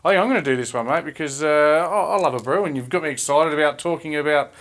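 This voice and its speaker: Jokey Australian man, slightly high voice. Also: fast, fairly bright tone. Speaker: racing co-host and tipster. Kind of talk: casual racing chat.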